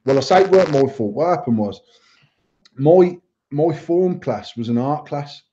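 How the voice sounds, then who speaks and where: A man's voice: a little high, animated, moderate pace, warm tone. A man telling a blunt, sweary school story on a podcast. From England. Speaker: podcast co-host. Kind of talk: casual chat, storytelling. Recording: slightly dull sound.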